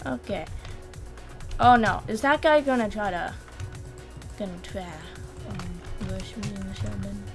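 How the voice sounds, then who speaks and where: A young woman commentating her gameplay casually, excitable, shrieking and repeating words when things go wrong. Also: mid-range voice, a little slow, long pauses, soft background music. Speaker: gaming channel host.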